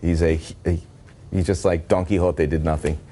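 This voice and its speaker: A man's voice: low voice, little pitch movement, normal speed, dark tone, a little hiss or hum. A middle-aged man co-hosting a sports radio show, chatting casually and joking about himself. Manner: self-deprecating, joking, loose. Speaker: radio co-host. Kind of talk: casual chat.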